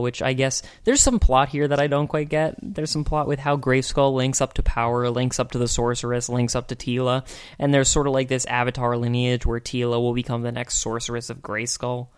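A man's voice: medium pitch, fairly even intonation, brisk, smooth. A man co-hosting a podcast, casually rambling and joking as he reviews an old cartoon. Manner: rambling, joking, laughs often. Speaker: podcast co-host.

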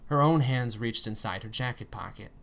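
A man narrating a story aloud in an expressive reading style, with tense pauses and strong emphasis. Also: medium pitch, vocal fry. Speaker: story reader.

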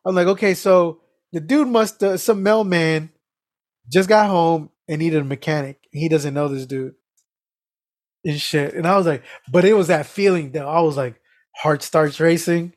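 A man on a casual podcast, telling animated stories with lots of swearing and laughter. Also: fairly high pitch, moderate pace, dry recording, clean studio sound. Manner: animated storytelling, heavy swearing, frequent laughs. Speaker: podcast co-host.

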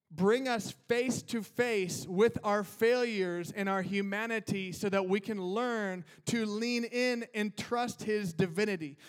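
A male pastor preaching a sermon in a casual, conversational way, dropping words like "man" and "like". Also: sits high.

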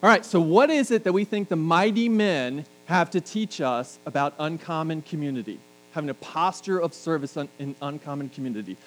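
A man in middle age delivers a sermon in a slightly high voice. He speaks conversationally and drops in jokes and asides to the congregation. A faint electrical hum runs under the recording. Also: lively intonation, a little fast, a bit bright, rough recording. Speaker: pastor.

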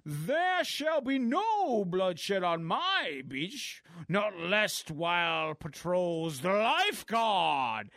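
A man voicing a pompous heroic lifeguard who speaks slowly in grand, old-fashioned phrases. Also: sits high, sing-song, a bit bright, dry recording, studio quality, exaggerated voice. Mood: grandiose. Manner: slow, grand, mock-archaic.

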